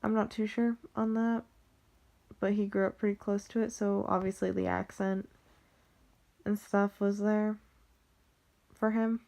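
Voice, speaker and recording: Young western us girl vlogging, super creaky fry, says like every other word. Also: medium pitch, little pitch movement, measured pace, pauses often, darkish tone. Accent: General American, Western US. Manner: rambling, heavy use of "like", frequent restarts. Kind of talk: casual chat about family.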